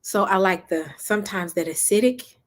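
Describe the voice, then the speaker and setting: A woman's voice: mid-range voice, moderate pace. A woman from Memphis with a Southern accent, chatting and rambling casually on a livestream while reading comments. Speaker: livestream host.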